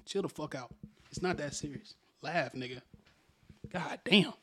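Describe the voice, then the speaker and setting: A man's voice: on the high side, measured pace, a bit bright, breathy edge. A young man co-hosting a casual podcast, telling a story loosely with slang and lots of profanity. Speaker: podcast co-host.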